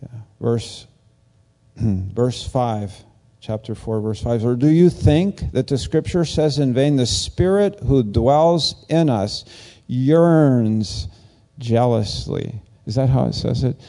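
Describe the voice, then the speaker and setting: A man giving a casual, conversational sermon as a pastor, rambling and animated, jumping up in pitch when he acts out quoted lines. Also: takes it slowly, vocal fry.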